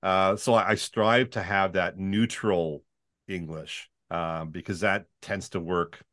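A Canadian man with a baritone voice, a voice-over artist chatting in an interview and slipping into demo voices. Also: takes it slowly. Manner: chatty, animated, demonstrates reads in put-on voices. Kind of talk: casual interview chat.

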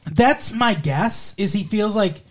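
A man's voice: high-pitched, lively intonation, slow pace. A young man casually reviewing a film in conversation, rambling with lots of fillers and restarts. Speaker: podcast co-host reviewing a film.

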